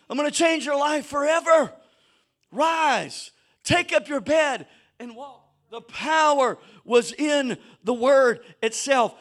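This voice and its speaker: A man preaching a sermon to a church congregation, swinging between shouted exhortation and low conversational asides. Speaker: pastor.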